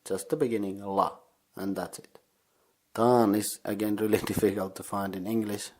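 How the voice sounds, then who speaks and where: A man's voice: lowish voice, flat delivery, moderate pace, a little mellow. A man hosting a podcast, giving a casual mini language lesson, who explains patiently step by step while sitting in an unheated sauna. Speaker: podcast host.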